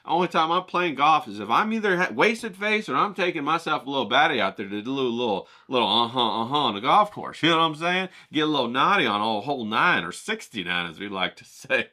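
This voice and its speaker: A man's voice: medium pitch, big pitch swings, fast talker, hardly any pauses, bright, forceful tone. A man telling a crude comic story in a brash, profane, rambling way, as a vlogger who paints.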